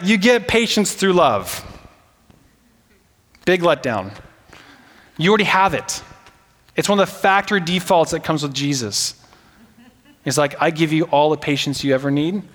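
A man's voice: high voice, a bit bright. A man in his thirties preaching a casual, joking sermon as pastor, full of fillers like "like" and "right?". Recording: hall reverb.

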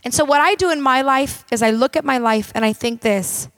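A woman minister preaching with a high, bright-pitched voice. She speaks emphatically and directly, in a conversational way that calls out to the people listening. The sound is dry and close, with no room echo. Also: brisk, hardly any pauses. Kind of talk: sermon.

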